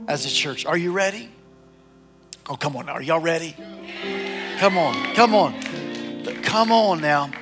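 A middle-aged man, a lead pastor preaching a sermon in an animated, exhorting way with repeated call-outs to the congregation. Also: a little high.

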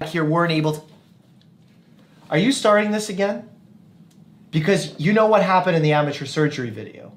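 A man's voice: a little high, expressive, brisk, pauses often. A young man, a doctor and video host, joking around playfully in vlog clips and laughing often.

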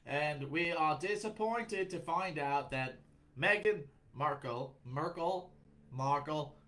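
A man voicing a stiff British male TV newsreader in a mock British accent, slow and formal. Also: on the high side, a bit bright.

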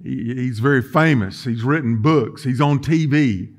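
A man preaching a sermon in a church, folksy and emphatic, swinging between quiet and loud. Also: mid-range voice, a little slow. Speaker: pastor. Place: church sanctuary.

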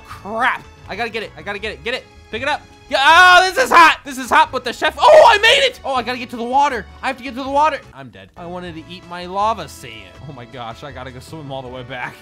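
Excitable high-voiced male gamer. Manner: excitable, rambling, often laughing. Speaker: gaming video host. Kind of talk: gaming commentary.

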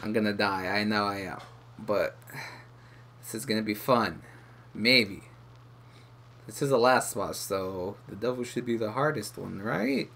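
A man giving excitable let's play commentary as a gaming YouTuber, muttering and groaning at the game. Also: on the low side, measured pace, creaky, pauses often, a little hiss or hum. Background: game music.

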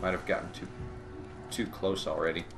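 A man hosting a let's play, chatting casually and sarcastically over the game, with sudden loud shouts when the action heats up. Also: sits low, normal speed, over music. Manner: rambling, sarcastic, bursts into loud excited shouts during fights. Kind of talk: casual gameplay commentary. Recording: game audio and noise behind the voice.

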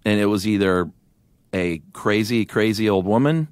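A middle-aged man co-hosting a podcast, telling a story in a casual, animated way on a studio microphone. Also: lowish voice, moderate pace, smooth, dry recording. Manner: animated storyteller with restarts and laughs. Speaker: podcast co-host.

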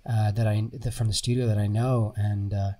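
Animated man with an American accent, slightly off-mic. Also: lowish voice, normal speed. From Bulgaria. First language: Bulgarian. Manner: animated storyteller, swears, laughs often. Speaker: actor guest. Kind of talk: casual interview talk. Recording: voice a bit far from mic.

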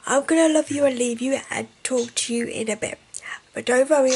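A woman's voice: a little high, expressive, brisk, background noise. A woman chatting casually to camera in a vlog from her bedroom, rambling and affectionate. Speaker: vlogger. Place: bedroom at home. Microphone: handheld camera.

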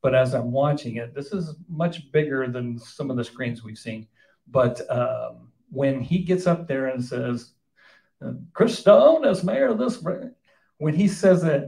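Gravelly-voiced cast member telling anecdotes. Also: male voice, medium pitch, darkish tone, poor audio. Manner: anecdotal, amused. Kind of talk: live audience Q&A.

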